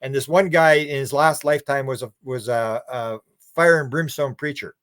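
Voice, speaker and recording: A Canadian man speaks as a podcast guest, his voice medium-pitched and fairly bright at a normal speed, recorded with studio quality and no room sound. He tells stories in a casual, rambling way, restarting his words and acting out what other people said.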